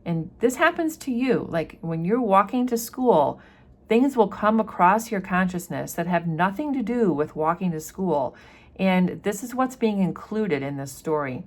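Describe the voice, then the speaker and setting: A woman's voice: medium pitch, expressive, unhurried. A woman going through a novel chapter by chapter and explaining it in a casual way as a teacher. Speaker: literature teacher. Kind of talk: chapter-by-chapter book commentary.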